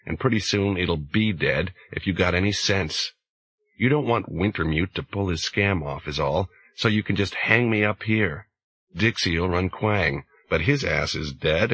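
A man's voice: deep voice, a bit bright, breathy edge, full character voice. A man reading an audiobook and voicing a desperate, bitter young man who swears and pleads. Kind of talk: audiobook character voice.

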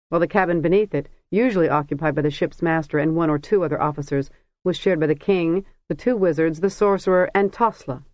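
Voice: medium pitch, dry recording. Narrator with a dull, dry sound. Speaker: audiobook narrator. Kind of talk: scripted narration.

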